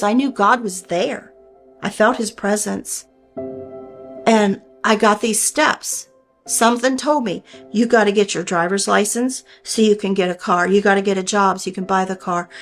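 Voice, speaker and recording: A woman in her sixties gives a personal testimony with earnest, heartfelt emotion, often slipping into the words she and others once said. Her voice is middle-pitched, and faint music plays softly behind her.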